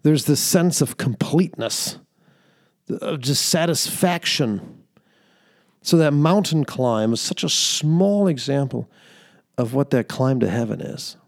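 A man's voice: mid-range voice, animated, takes it slowly. A young man hosting a podcast, telling an earnest faith-based story with fillers and laughter. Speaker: podcast host. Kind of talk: faith-based reflective monologue.

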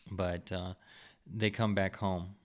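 A man's voice: deep voice, flat delivery, slow. A man hosting a podcast and telling a story in a candid, profane, self-mocking way. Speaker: podcast host. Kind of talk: casual storytelling monologue.

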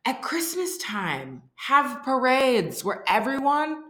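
A woman chatting casually as a podcast co-host, lively and reading facts aloud. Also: sits high, takes it slowly, echoey room. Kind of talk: casual chat.

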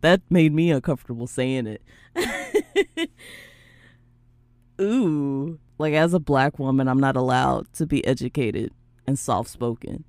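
A young woman from the American South hosting a casual podcast chat, animated and prone to mimicking other people's voices. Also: rumbling low, dry recording. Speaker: podcast host.

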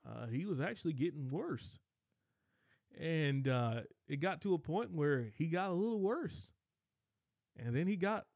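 A man preaching a sermon, telling a personal story with emotion, often addressing the audience as ladies and gentlemen. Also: fairly high pitch, no echo, studio quality. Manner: emotional, repeats "ladies and gentlemen", many restarts.

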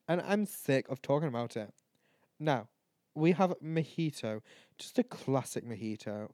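A man's voice: medium pitch, lively intonation, measured pace, a little mellow, dry recording, studio quality. A tired, tipsy man rambling and swearing as he hosts his own chat show. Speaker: podcast host. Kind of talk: casual solo chat.

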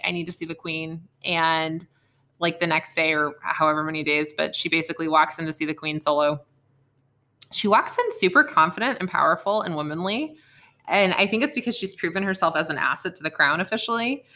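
Bright-toned woman recapping a TV show. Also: on the low side, brisk. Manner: rambling, lots of fillers and self-corrections. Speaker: podcast co-host. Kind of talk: casual TV recap chat.

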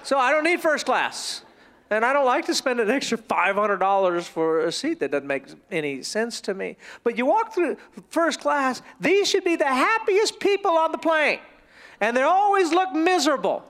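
High-voiced animated male preacher. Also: moderate pace. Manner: animated storytelling, playful asides. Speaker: pastor. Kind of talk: sermon. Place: church sanctuary.

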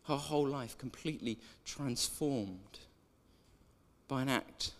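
A man's voice: mid-range voice, takes it slowly. A man preaching a sermon in a chatty way, drawing in the congregation with questions. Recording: echoey church hall.

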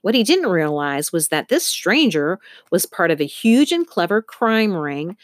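A woman reading a children's novel aloud as audiobook narrator, in a steady storytelling manner. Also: on the low side, unhurried, no echo, studio quality. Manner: steady storytelling, occasional slips. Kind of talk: scripted narration.

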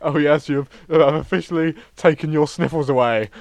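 A man's voice: on the high side, normal speed, creaky, dry recording. A jokey cat burglar makes playful mock threats, as a man improvises him. The sound is dry and close. He sounds like an ordinary young man barely in character. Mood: mock-menacing.

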